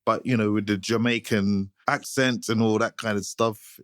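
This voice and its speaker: A man's voice: lowish voice, normal speed, few pauses, dry recording. Laid-back storytelling man, dry sound. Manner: easygoing anecdotal storytelling. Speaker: guitarist, guest. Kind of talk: casual interview chat.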